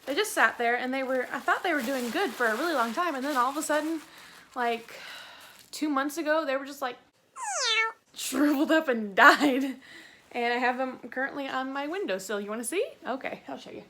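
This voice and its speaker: A young woman from Tennessee with a Southern accent, chatting excitedly through a plant unboxing on her vlog. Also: high voice, fairly quick, slight background noise. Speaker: plant YouTuber.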